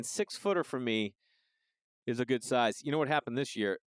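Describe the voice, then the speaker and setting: A man in his forties riffs through a comedic monologue, loose and profane. His voice is smooth and full, and the recording is close and dry with no room sound. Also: mid-range voice, animated, moderate pace, no room sound. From Massachusetts. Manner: loose, profane, riffing with asides. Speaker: podcast host.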